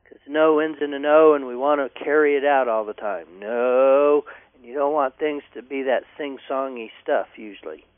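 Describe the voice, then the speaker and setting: A man's voice: mid-range voice, brisk, few pauses, dry recording. A man giving dog training advice in a confident, instructive way, speaking over the phone. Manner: confident, instructive, repeats catchphrases. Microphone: telephone. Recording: tinny phone line, dry.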